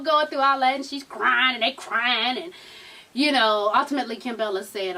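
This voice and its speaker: A woman's voice: on the high side, moderate pace, sharp tone, far from the mic. A woman vlogger casually recapping a reality show, sassy and profane, with a drawl and a Black way of speaking, quoting people in raised voices.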